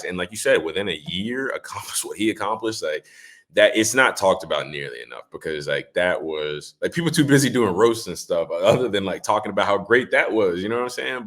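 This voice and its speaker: A young man in his twenties, a former football player, casually telling stories on a podcast, rambling with many fillers. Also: on the low side. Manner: relaxed, rambling with many "like" fillers, acts out quotes. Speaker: guest, former running back.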